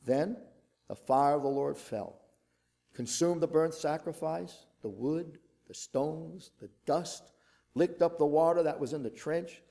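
Dramatic, somewhat high-voiced male preacher. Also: unhurried, vocal fry, dark tone. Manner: reads scripture dramatically, voicing the quoted speakers with added asides. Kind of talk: sermon with Bible reading.

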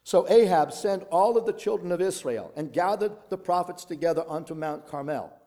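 A man's voice: high-pitched, moderate pace, warm tone. A man preaching a sermon, reading a long scripture passage with dramatic delivery, voicing the quoted speakers and adding his own asides.

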